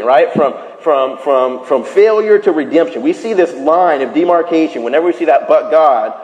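A man preaching a sermon, retelling a scripture story in animated style and dropping to a hushed voice for quoted lines. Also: on the high side, moderate pace, few pauses, highs cut off. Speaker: pastor. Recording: echoey hall.

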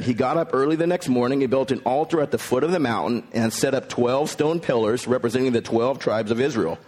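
A man's voice: medium pitch, a little fast, few pauses, darkish tone. Male pastor, mid-range voice, easygoing sermon delivery that retells scripture plainly. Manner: conversational preaching, paraphrasing scripture in everyday words.

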